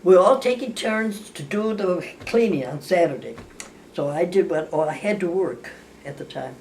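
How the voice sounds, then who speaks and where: An older woman tells family stories in casual talk, rambling with many restarts and corrections and acting out the voices of the people involved. Her fairly low, slightly mellow voice has lively intonation at a normal speed. A distant mic picks her up with a faint background hiss.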